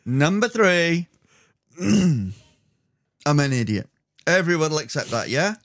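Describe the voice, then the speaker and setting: A male radio co-host with a slightly higher voice and an animated, lively delivery. He jokes dryly and mocks himself, and the studio sound is dry and close. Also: a little slow, no room sound. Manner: dry, self-mocking humor. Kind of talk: casual radio banter.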